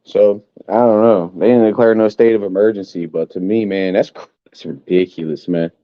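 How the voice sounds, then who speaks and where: A man's voice: on the low side, steady tone, moderate pace, highs cut off. A man, angrily ranting on a live stream as a sports fan and swearing often. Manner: angry, profane ranting.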